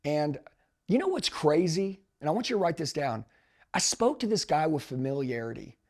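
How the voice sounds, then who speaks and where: Gravelly 40s guy, sales coach hyping up a first-day story, slangy and pumped. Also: a little high, moderate pace. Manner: emphatic, animated, slangy, addresses listeners as dude. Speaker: sales trainer. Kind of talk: motivational storytelling.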